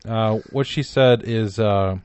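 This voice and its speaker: A man co-hosting a comedy podcast, chatting casually with sarcastic, animated delivery. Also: on the low side, slow pace, smooth. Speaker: podcast co-host.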